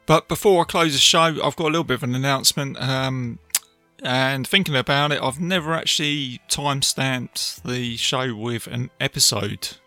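A man's voice: medium pitch, normal speed, bright, forceful tone, no room sound, faint music behind. A man hosting a casual film review podcast, retelling scenes in a chatty way with plenty of fillers. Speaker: podcast host.

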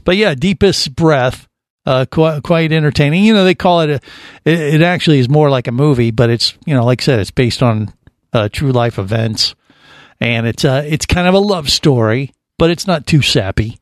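A man's voice: fairly high pitch, normal speed, no room sound. A man hosting a radio show, chatting in a casual, rambling and joking way in a studio. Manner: jokey, rambling banter.

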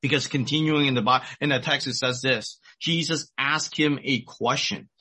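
A man's voice: medium pitch, moderate pace, sharp tone, husky. A middle-aged man preaching a sermon, retelling a story earnestly and repeating his key points. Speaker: pastor.

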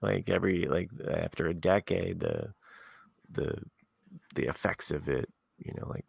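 A man chats on a podcast in a hesitant way, with plenty of fillers. His voice is very deep and gravelly. The recording is dry, with no room sound. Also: expressive, measured pace, no echo. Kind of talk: casual chat.

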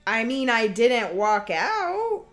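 A woman talking through a movie in casual commentary, blunt and mocking. Her voice is bright and forward, and faint music plays behind her. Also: on the high side, sing-song, slow. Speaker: podcast guest.

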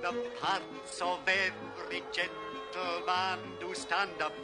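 A man's voice: high voice, completely flat delivery, slow. An actor playing a rowdy man who leads a bawdy pub song, sung in a film clip. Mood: bawdy singing. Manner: bawdy singalong. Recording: film audio, loud music underneath.

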